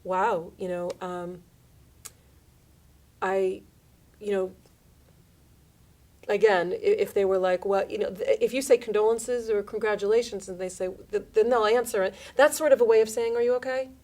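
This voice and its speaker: Radio host, woman in her thirties or forties, chatty and animated, pitching up and down to act out quoted lines. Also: normal speed, pauses often. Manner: animated, acts out quoted lines in shifting voices. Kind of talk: casual radio chat.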